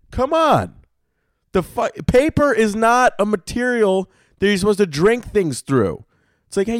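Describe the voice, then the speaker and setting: A man's voice: high voice, dry recording, clean studio sound. A young man hosting a podcast alone, delivering a profane, exasperated comedic rant. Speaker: podcast host.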